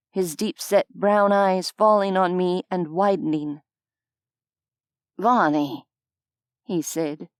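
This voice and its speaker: A woman narrating a scripted audiobook in an unhurried, even storytelling manner on a close studio mic. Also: mid-range voice, clean tone, no echo.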